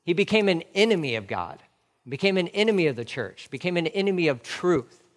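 A man preaching in a church, his voice sitting a bit high for a man and trailing off into a long hall reverb. He gets fired up, repeats key phrases and hammers rhetorical questions at the congregation. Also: big pitch swings, fairly quick. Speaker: pastor. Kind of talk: sermon.

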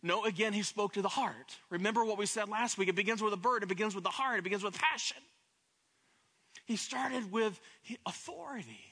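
A man's voice: high-pitched, fairly quick, sharp tone, slightly rough. A man preaching a sermon as pastor, impassioned, often repeating words as he builds up.

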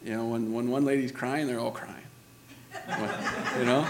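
A man's voice: medium pitch, steady tone, moderate pace, a crowd in the background. A man preaching a sermon in a church, talking conversationally and laughing often, with lots of "you know" and "right?". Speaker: pastor.

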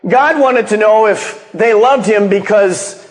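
A man's voice: sits high, slow. A male pastor preaching a sermon as a dramatic storyteller who acts out the quotes. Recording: long reverb of a large hall.

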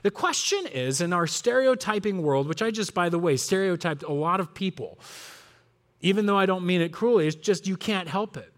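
Male pastor, higher register, earnest reflective sermon delivery with asides. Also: animated, moderate pace.

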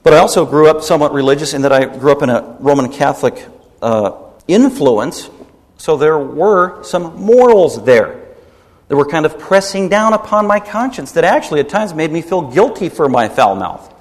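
Middle-aged guy preaching, pitch a bit up, gets fired up on key words, big echoey church hall. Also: normal speed. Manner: animated, rising into emphatic peaks. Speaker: pastor. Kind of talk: sermon. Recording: long hall reverb.

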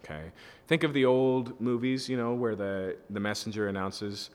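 Male pastor, lowish voice, hall reverb; reads scripture and explains it plainly, keeps asking "okay?". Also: moderate pace. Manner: conversational, often checks in with "okay?" and "right?". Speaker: pastor teaching a Bible study. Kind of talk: expository sermon with scripture reading.

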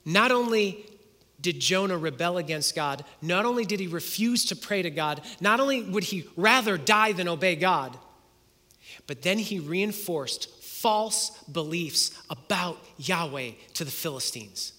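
A man's voice: high-pitched, lively intonation, measured pace, sharp tone. A man preaching a sermon, retelling a story, reading scripture and asking the listeners rhetorical questions. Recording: long hall reverb.

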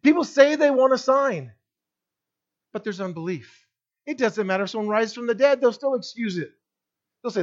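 A man's voice: very high voice, lively intonation, moderate pace, muffled recording. A man preaching a sermon as pastor, speaking to his congregation and acting out the voices in the story.

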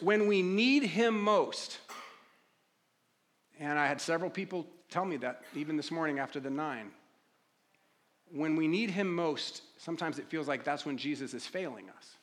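A man preaching a sermon as a pastor, talking conversationally and acting out pleading prayers. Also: high-pitched. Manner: conversational preaching, acts out pleading prayers, drops to quiet reflective tone.

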